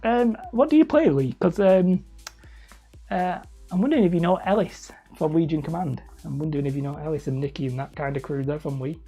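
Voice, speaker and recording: Hobby streamer, woman, Wigan-area accent, mellow and low, chatty self-deprecating crafting talk. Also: a little fast, slightly rough, soft background music. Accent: Wigan area, Lancashire. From Leigh, near Wigan, England. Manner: chatty, self-mocking, rambling. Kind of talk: casual live-stream chat while crafting.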